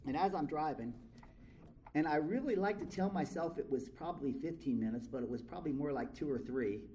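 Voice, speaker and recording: A man's voice: a little high, a little fast, warm tone, slight background noise, rough recording. A middle-aged man from California speaking at a recovery meeting, telling his story to a live crowd in a blunt, frank and profane way. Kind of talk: candid storytelling to a live audience. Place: convention meeting room.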